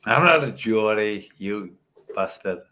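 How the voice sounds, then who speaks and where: A man's voice: lowish voice, animated, slow, bright, forceful tone. A man chatting on a livestream panel from a home webcam setup with a studio microphone, rambling and teasing the others cheekily. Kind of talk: casual chat.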